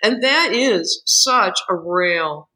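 A woman's voice: mid-range voice, slow pace, low-quality recording. A woman co-author chatting casually, telling stories and laughing often. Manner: laughs often, lively storyteller. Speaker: co-author guest. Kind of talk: casual conversational storytelling.

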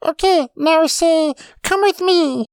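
A woman voicing Twig, an eager storyteller in a comedic podcast who narrates in a halting way, full of ums and pleading requests for help. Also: very high voice, gravelly, no room sound, exaggerated voice. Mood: rambling. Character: eager rambling storyteller who upstages the host.

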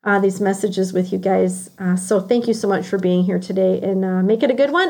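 A woman with a Midwestern American accent hosting a reflective motivational podcast, earnestly posing one question after another and slowing down on key words. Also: medium pitch, gravelly, warm tone. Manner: earnest, asks herself a string of questions, slows on key words. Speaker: podcast host.

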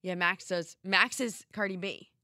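A woman's voice: lowish voice, sharp tone, no echo, clean studio sound. A woman co-hosting a podcast in casual, playful, teasing chat. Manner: playful, teasing, quick to joke. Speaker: podcast co-host.

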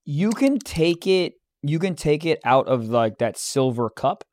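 A man's voice: a little high, animated, a little slow, a little mellow. A young man co-hosting a comedy podcast, riffing in a brash, profane way. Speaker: podcast co-host. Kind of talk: crude comedy podcast banter.

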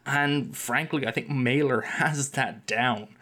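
A man's voice: mid-range voice, slow, pushed and bright. A man co-hosting a casual film chat, rambling and wry, often restarting his sentences. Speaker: podcast co-host, film discussion.

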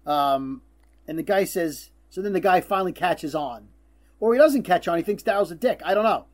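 A man's voice: sits high, expressive, normal speed. A man co-hosting a casual podcast, recapping a TV episode in a chatty way and acting out lines. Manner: chatty, acts out quotes with loud bursts. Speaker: podcast co-host.

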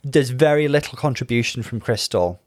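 A man's voice: mid-range voice, expressive, fairly quick, no echo, studio quality. A man co-hosting a casual chat podcast, thoughtful and analytical, weighing stats and feelings. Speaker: podcast co-host.

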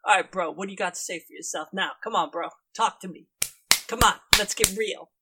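A man's voice: high voice, brisk, very noisy. A man voicing an oily, hot-tempered male guildmaster who talks like a pushy gym bro. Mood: menacing. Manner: slangy, pushy, keeps saying bro.

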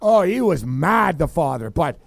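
Male storyteller, high-pitched with fry, lively, acts out people's lines. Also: normal speed, no room sound. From Southern California. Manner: animated storyteller, shouting impressions of others. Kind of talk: casual storytelling on sports radio.

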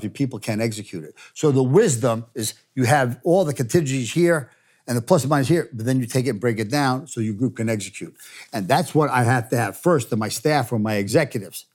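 An older man, a former football coach and executive, telling stories and giving advice in an interview, animated and laughing as he talks. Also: mid-range voice, fast talker. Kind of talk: storytelling interview answers.

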